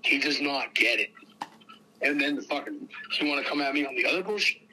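Young man, bright edgy tone, profane agitated ranter, loud to hushed, faint noise behind. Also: medium pitch, lively intonation, brisk, rough recording. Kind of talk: heated casual rant.

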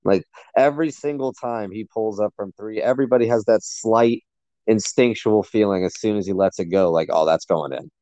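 A man's voice: on the low side, normal speed, mellow, no echo, dull audio. A man co-hosting a sports podcast, talking enthusiastically and rambling with lots of fillers. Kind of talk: casual sports chat.

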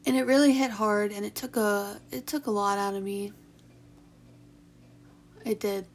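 Young woman vlogger, mid-pitch voice, emotional and halting, sighs between restarts. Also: steady tone. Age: young adult. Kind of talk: personal confessional talk.

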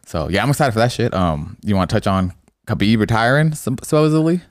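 Fast-talking deep-voiced man, casual sports chat. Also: dry recording, studio quality. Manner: swears a lot, excitable, says bro. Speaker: podcast co-host.

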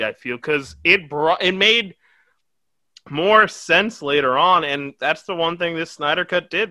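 A young man's bright, forceful voice, on the high side, comes through in a dry recording. He's hosting a podcast and reviewing a movie, rambling casually, laughing often, and swearing throughout.

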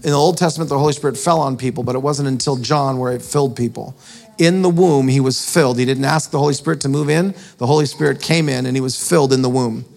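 A man's voice: mid-range voice, quick pace, gravelly, darkish tone. A man preaching a storytelling sermon, chatty and self-mocking, often laughing at his own story. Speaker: preacher and author.

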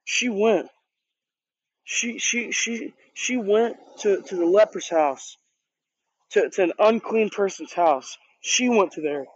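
A man's voice: high voice, takes it slowly, breathy edge, no room sound. A man who leads a youth group, giving a casual sermon in an earnest, conversational way, often restarting and repeating words. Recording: dull, dry lo-fi recording.

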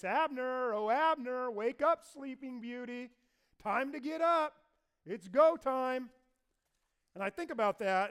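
A man preaching a sermon to a congregation. He tells the story in a lively way and acts out the voices of the figures. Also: sits high, clear, resonant tone. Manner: animated storyteller acting out voices. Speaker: pastor.

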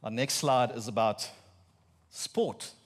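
A man in his thirties with a South African Afrikaans accent, an Afrikaans native speaker, preaching with humorous, animated storytelling and mock-incredulous asides. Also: mid-range voice, slow. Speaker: pastor. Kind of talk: sermon.

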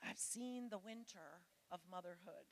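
A woman's voice: fairly low pitch, unhurried, a little hiss or hum. A middle-aged woman preaching a sermon to women, earnest and pleading as she speaks straight to her listeners.

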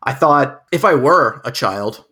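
A man chatting casually on a podcast, rambling with many fillers while he thinks out loud. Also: medium pitch, animated, a little slow. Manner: rambling, filler-heavy, reflective.

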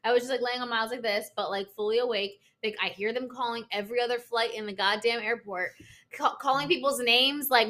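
A young woman with a high, bright voice tells a long story in casual chat. She talks in loose, filler-heavy bursts and curses freely. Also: a little fast. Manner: animated storytelling, lots of "like" fillers and swearing.

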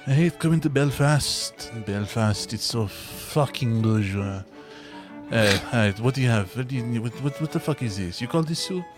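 A man's voice: mid-range voice, animated, moderate pace, natural voice. A man voicing a rude, foul-mouthed, middle-aged Frenchman, grumbling with contempt over a restaurant meal, with music behind. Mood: contemptuous. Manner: profane, grumbling, contemptuous muttering.

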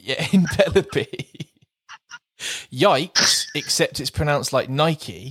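A man co-hosting a podcast, chatting casually and laughing often as he slowly plays with the sounds of words. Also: fairly high pitch, expressive, fairly bright tone, slightly rough, no echo. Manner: playful, laughs often, reads out word jokes slowly. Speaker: podcast co-host. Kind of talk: casual chat.

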